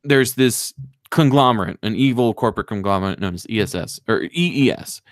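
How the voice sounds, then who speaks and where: Man, podcast host, fairly low voice, rambling casual movie recap, dry close sound. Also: no echo. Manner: rambling, animated, drops into quick voices for movie characters. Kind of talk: casual chat, retelling a movie plot.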